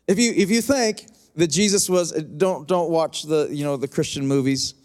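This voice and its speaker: Pastor, male, high-pitched voice, fiery emphatic sermon delivery. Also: normal speed. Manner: passionate, emphatic preaching with repetitions and asides to the congregation.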